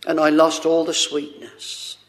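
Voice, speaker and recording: A man preaching a sermon, speaking haltingly with many fillers and fervent exclamations. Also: a little high, completely flat delivery.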